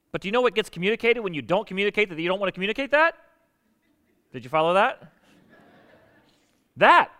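A middle-aged pastor with a bright, forceful voice that sits a little high for a man. He preaches conversationally, throwing questions to the congregation and acting out the people he quotes. The sound carries a long reverb from a large hall. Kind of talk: sermon.

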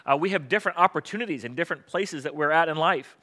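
A male pastor giving a conversational sermon, often pausing with fillers. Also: a little high, sharp tone. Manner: conversational preaching with many fillers.

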